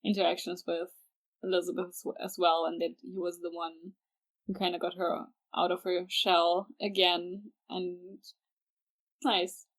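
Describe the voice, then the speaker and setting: A woman's voice: lowish voice, little pitch movement, a little slow, poor audio. A woman co-hosting a fan podcast in casual chat, speaking hesitantly with restarts and fillers. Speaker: podcast co-host.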